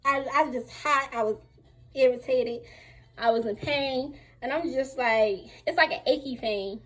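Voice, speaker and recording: A young woman, telling a lively storytime about her surgery recovery at home while still a little sore. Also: high voice, measured pace. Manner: chatty, animated retelling with acted-out quotes. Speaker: vlogger. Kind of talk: casual storytime while getting dressed.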